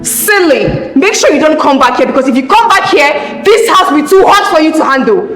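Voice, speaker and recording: Scornful haughty princess. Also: female voice, sits high, lively intonation, brisk, reverberant, faint music behind. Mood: contemptuous. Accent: Nigerian. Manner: scornful, shouting insults. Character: haughty young princess, scornful twin sister. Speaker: lead actress. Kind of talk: film drama acting.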